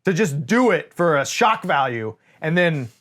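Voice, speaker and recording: A man's voice: a little high, measured pace. A man co-hosting a casual movie review, talking animatedly and swearing freely. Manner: animated, swears often, quotes scenes in voices. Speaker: podcast co-host.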